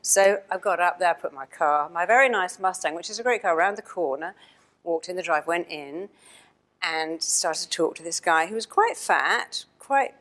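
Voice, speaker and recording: A woman's voice: lowish voice, moderate pace, fairly bright tone. A woman giving a motivational talk, telling stories and acting out the people in them. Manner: storytelling, acts out quoted voices. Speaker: speaker.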